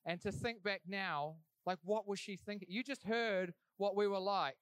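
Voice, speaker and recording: A man's voice: sits high, steady tone, normal speed, fairly bright tone, clean tone, no echo. A young man telling his life story in an earnest, conversational way, as a church speaker giving testimony. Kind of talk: sermon testimony.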